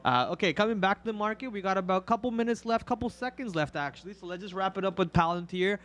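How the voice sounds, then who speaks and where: A joking, bantering man co-hosting a live trading show, chatting casually about the market. His voice sits a bit higher than most men's. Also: fairly bright tone. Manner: joking, bantering, quick asides. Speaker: trading stream co-host.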